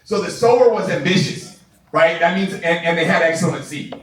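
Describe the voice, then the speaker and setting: A man giving an energetic, excitable motivational training talk to a live audience in a large room, laughing often and asking "right?" a lot. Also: high-pitched, normal speed. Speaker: sales trainer. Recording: echoey room, voice from far off.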